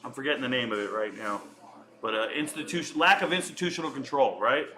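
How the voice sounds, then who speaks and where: A man's voice: medium pitch, fast, sharp tone. A man in his forties chatting casually on a home live stream, riffing and answering viewer comments. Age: 40s.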